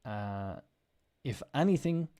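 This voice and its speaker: A man's voice: medium pitch, animated, slow pace, warm tone, clean tone. A man teaching English in a casual spoken lesson. He explains patiently and repeats example phrases with strong intonation. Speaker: podcast host.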